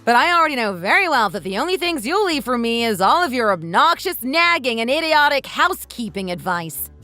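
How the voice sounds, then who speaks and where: A woman's voice: fairly high pitch, big pitch swings, fairly quick, dry recording, faint music behind. A woman voicing a sarcastic young wife who talks back bluntly to her mother-in-law in a texting-story drama. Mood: mocking. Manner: sharp, mocking, blunt.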